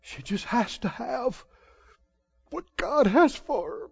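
A man preaching a sermon in an animated style, mimicking wailing prayers to make his point. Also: very high voice, slow, gravelly, husky. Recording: muffled lo-fi sermon recording.

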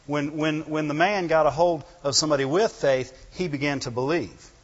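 Male pastor, conversational sermon with chuckles, slightly high voice, long hall reverb. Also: fairly even intonation, moderate pace, dull audio. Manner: keeps asking the congregation "right?" and "amen?"; chuckles between points. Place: church hall.

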